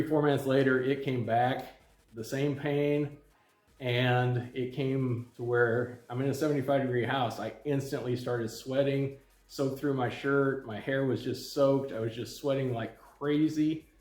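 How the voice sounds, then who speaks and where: A middle-aged man telling a personal story to camera in a calm, plain-spoken way, with many ums and restarts. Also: medium pitch, roomy sound. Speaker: channel host.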